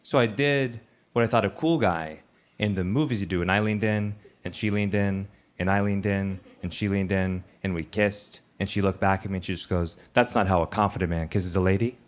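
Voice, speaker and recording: Low-voiced man telling stand-up stories. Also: moderate pace. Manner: deadpan, conversational storytelling. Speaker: stand-up comedian. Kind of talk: stand-up storytelling. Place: comedy stage. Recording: loud background noise.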